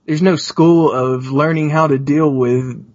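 A husky man tells an excited story as a podcast guest, stumbling and restarting as he goes. His pitch sits in the middle range. The sound is dull and lo-fi. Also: unhurried. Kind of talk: casual podcast chat.

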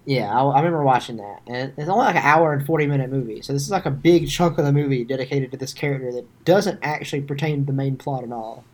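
A young man co-hosting a podcast in casual chat, sarcastic with deadpan jokes. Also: medium pitch, fast, hardly any pauses. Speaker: podcast co-host.

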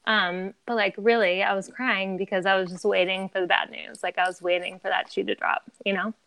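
A woman's voice: mid-range voice, level tone, brisk, vocal fry, a bit bright, no room sound. A woman in her thirties, a podcast guest telling her story in a candid, chatty way, filling her talk with "like" and laughing often.

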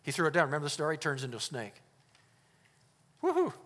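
A male pastor preaches with a fairly high voice and real fervor, dropping from ringing declarations to near-hushed appeals. His words trail off into the long echo of a church hall. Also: huge pitch swings, fast talker. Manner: emphatic preaching that swings between loud and hushed. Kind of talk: sermon.

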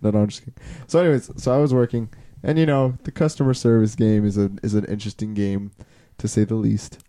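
A man's voice: on the low side, steady tone, fast talker, mellow. A young man co-hosting a casual comedy podcast, rambling through a story with frequent restarts and laughs. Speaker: podcast co-host.

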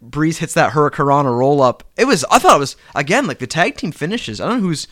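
Man co-host, high lively bright voice, acts out other people's lines while he recaps. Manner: animated, acts out wrestlers' lines in quick voices. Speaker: podcast co-host. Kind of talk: casual wrestling recap chat.

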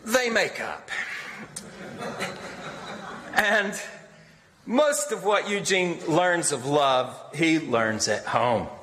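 Expressive, bright-voiced male literature lecturer. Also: a little high. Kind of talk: literary lecture with dramatic readings. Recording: long hall reverb.

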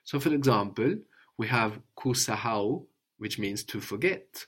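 A man's voice: on the low side, expressive, measured pace, a bit bright, slightly rough. A man teaching a one-on-one language lesson, patiently drilling with prompts and tag questions.

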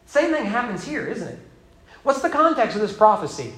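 A man's voice: high-pitched, very animated, moderate pace, fairly bright tone, echoey room. A male pastor preaching a sermon with emphatic rhetorical questions. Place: church sanctuary.

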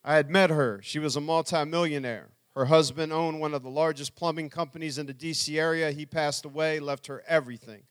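A man's voice: on the high side, steady tone, brisk, hardly any pauses, clean tone. A middle-aged man telling his life story to an audience as a speaker, earnestly acting out what people said. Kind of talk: personal testimony talk.

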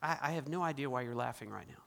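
A male pastor preaching a sermon, shifting from loud emphatic lines to hushed, intense ones. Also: mid-range voice, fast talker, vocal fry, slight background noise. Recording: long reverb in a large hall.

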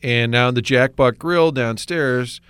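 A man hosting a podcast in a casual conversation, an animated storyteller who acts out the voices in his anecdotes. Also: mid-range voice, measured pace, a little hiss or hum. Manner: animated storyteller acting out quotes. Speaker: podcast host.

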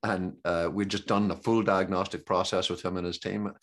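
The speaker is a middle-aged man, a podcast host and business coach, conducting a conversational interview. His low voice comes across flat, and he rambles, hesitates, and keeps restarting amid many fillers.

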